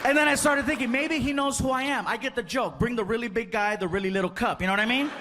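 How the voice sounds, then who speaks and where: A man doing stand-up comedy, telling stories in an animated way and acting out characters with quick bursts of Spanish. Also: very high-pitched. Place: comedy club stage. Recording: loud live crowd and noise.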